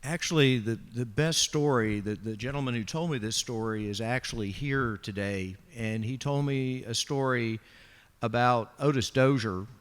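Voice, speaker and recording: A man on a discussion panel telling an anecdote, animated and quick to act out each quote. His mid-pitched voice rings with a long reverb tail from a large hall. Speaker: panelist, art dealer. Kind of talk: storytelling anecdote.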